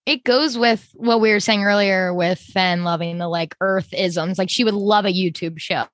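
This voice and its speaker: A woman's voice: mid-range voice, moderate pace, no echo. Woman, co-host, easygoing, dry sound, mid-range voice. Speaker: podcast co-host. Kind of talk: casual chat.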